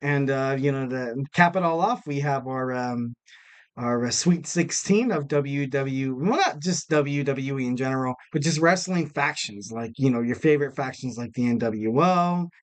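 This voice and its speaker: A man's voice: medium pitch, moderate pace. A man hosting a wrestling podcast alone, rambling casually with lots of fillers and self-mocking jokes. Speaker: podcast host. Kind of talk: casual solo podcast talk.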